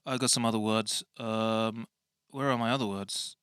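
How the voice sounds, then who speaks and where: A man's voice: lowish voice, steady tone, normal speed, bright, forceful tone, clear, resonant tone, no echo, studio quality. A man hosting his podcast in casual, rambling chat with many restarts. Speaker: podcast host.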